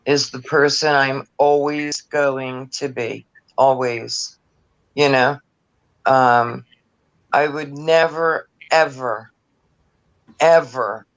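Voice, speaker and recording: A man's voice: mid-range voice, fairly bright tone, dull audio. A man chatting earnestly on a group video call, rambling with lots of fillers. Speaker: regular in a group live chat. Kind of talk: casual chat.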